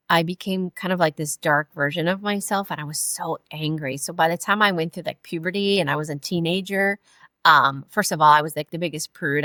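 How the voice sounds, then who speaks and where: A woman in her forties from California, a podcast guest telling her life story in a halting way with many fillers and restarts. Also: low-pitched, pushed and bright, dry recording. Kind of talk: personal storytelling in an interview.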